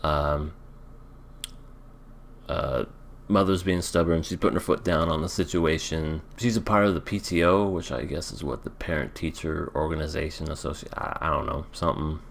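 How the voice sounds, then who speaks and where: A man's voice: rumbling low, fairly even intonation, normal speed, vocal fry, slight background noise. A man recapping an anime episode in a casual, rambling way, hedging often as he thinks aloud. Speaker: anime reaction vlogger.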